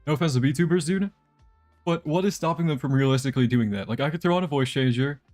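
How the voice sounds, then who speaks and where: A young man with a fairly high, darkish voice streams a game live, talking quickly to his viewers. He rambles and jokes with chat as he plays, and faint music sits in the background.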